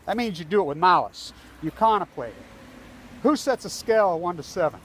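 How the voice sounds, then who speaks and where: A man's voice: high-pitched, animated, normal speed, fairly bright tone, a little hiss or hum. A man filming himself outdoors on a phone, angrily ranting with heavy profanity and a lot of repetition. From United States. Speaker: protester. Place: outdoors by a building entrance.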